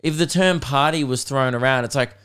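A man's voice: mid-range voice, brisk, fairly bright tone, clear, resonant tone. A man in his twenties with an Australian accent, hosting a podcast in a laid-back, self-mocking storytelling way. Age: 20s. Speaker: podcast host. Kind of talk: casual chat.

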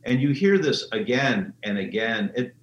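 A man, the interview guest, telling stories with animated energy and jumping into high-pitched voices when he quotes people. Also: normal speed, highs cut off. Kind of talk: enthusiastic storytelling in an interview. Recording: roomy remote line with faint noise.

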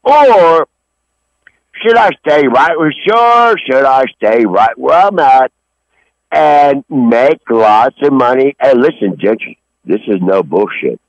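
Gravelly, rambling man ranting on the phone. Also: medium pitch, animated, slow, no echo, lo-fi sound. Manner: rambling, angry, swearing constantly. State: cold outdoors, sniffling. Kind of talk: profane phone rant. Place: outdoors behind a grocery store in snow.

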